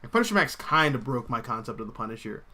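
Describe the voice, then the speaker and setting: A young man hosts a comics livestream in a loose, rambling style, with lots of "like" and "um" and bursts of laughter. His voice is bright and forward. He keeps it casual and animated as he reacts to viewer comments. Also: medium pitch, fast talker.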